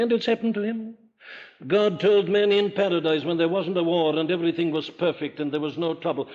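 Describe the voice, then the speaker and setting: A man's voice: on the high side, brisk. An older man from Wales with a Welsh accent, preaching an emphatic sermon full of rhetorical questions. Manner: emphatic, rhetorical questions, rising to forceful declarations. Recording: dull lo-fi archival sermon recording.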